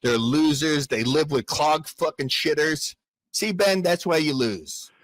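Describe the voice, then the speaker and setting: A man's voice: fairly high pitch, unhurried, poor audio. A man arguing aggressively on a livestream, talking over his opponent. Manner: aggressive, shouting over the other speaker. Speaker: debater on a livestream. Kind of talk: heated livestream argument.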